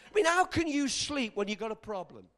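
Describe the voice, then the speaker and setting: High-voiced preacher man, animated. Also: fairly quick. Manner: animated, bursts into shouting. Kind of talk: sermon.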